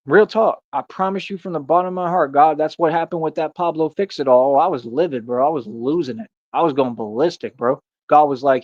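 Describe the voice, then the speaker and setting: A man's voice: fairly high pitch, a little fast, hardly any pauses, darkish tone, no room sound. A man talking earnestly in a casual vlog monologue, leaning on "man" and "bro" for emphasis. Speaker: street performer in a Batman costume. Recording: dull lo-fi dry sound.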